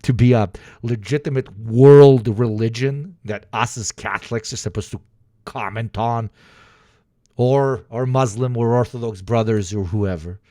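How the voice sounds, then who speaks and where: A man's voice: mid-range voice, measured pace, dark tone, no echo, clean studio sound. A man streaming, ranting in a profane, sarcastic way and slipping into mock voices. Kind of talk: casual livestream commentary.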